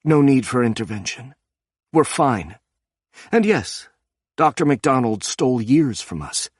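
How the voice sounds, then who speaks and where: A man voicing an earnest young woman in an audiobook, gentle and sincere. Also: mid-range voice, very animated, measured pace, slightly rough, no echo, clean studio sound, pitched above the performer's own voice. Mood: firm.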